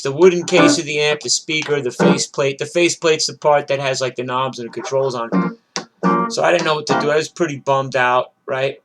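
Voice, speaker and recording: A middle-aged man and working guitarist, telling a rambling, cursing rant that starts loud and worked up and settles into a low, weary tone. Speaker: gigging guitarist and show host.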